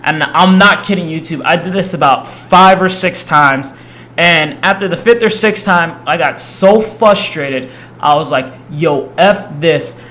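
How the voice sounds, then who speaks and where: A man's voice: on the high side, measured pace. A young man casually telling a rambling personal story to camera, acting out the people in it. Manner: rambling, animated, acts out quoted voices. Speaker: storyteller vlogger.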